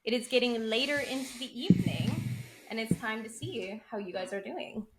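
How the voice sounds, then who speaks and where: A woman's voice: a little high, normal speed. A young woman narrating as game master of a tabletop game, playful and giggly as she describes events. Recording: roomy echo, faint noise.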